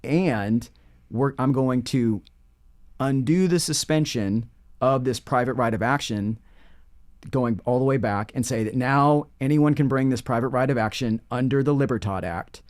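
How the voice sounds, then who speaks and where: A man's voice: mid-range voice, unhurried, a little mellow, no room sound, clean studio sound. A man co-hosting a casual legal discussion, rambling through the story with frequent restarts and self-corrections. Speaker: podcast co-host discussing court cases.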